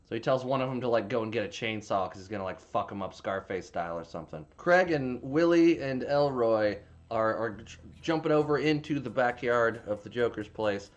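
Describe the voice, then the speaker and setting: A man casually recapping a movie plot, rambling with frequent restarts and plenty of swearing. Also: medium pitch. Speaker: movie reviewer.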